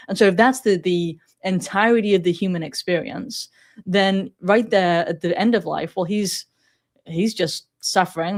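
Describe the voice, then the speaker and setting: A woman from England with a Sheffield accent softened by years in America, talking animatedly as an interview guest and often laughing. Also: on the low side. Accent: Sheffield English with a slight American twist. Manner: animated, laughs often, puts on voices to quote others. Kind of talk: conversational interview.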